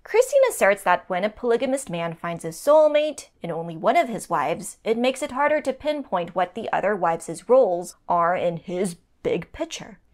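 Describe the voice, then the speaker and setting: A woman's voice: mid-range voice, very animated, moderate pace, few pauses, darkish tone. Wry woman reading a show recap. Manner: wry, laughs between lines. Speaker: recap podcast co-host.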